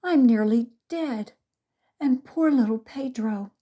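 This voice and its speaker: A woman's voice: a little high, slow, muffled recording, voice pushed up. A woman voicing a frightened, melodramatic housemaid who wails and sobs. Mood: wailing. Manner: wailing, sobbing.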